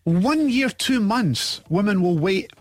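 A male radio host bantering excitably with his co-host and laughing loudly. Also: high-pitched, slow pace, noisy background.

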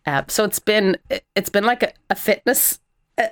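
A woman's voice: medium pitch, normal speed. An Irish woman, an actor and former TV presenter, chatting animatedly as an interview guest. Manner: animated and chatty, with frequent fillers. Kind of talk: casual interview chat.

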